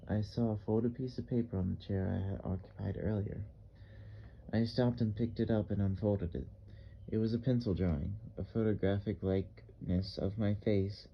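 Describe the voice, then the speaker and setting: A man narrating an audiobook in the first person, with measured, even storytelling. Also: lowish voice, muffled recording, slight background noise.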